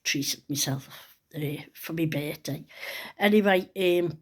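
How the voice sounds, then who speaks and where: A woman's voice: low-pitched, slow. A middle-aged woman, chatting to camera and telling a personal story in a rambling, earnest way. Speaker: vlogger. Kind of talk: casual chat to camera.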